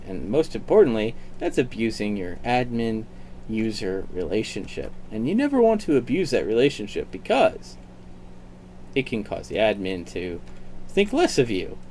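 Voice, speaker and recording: A man's voice: mid-range voice, a little mellow, a little hiss or hum. A man hosting a casual gaming stream, joking around and giving mock-serious lectures. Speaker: streamer host.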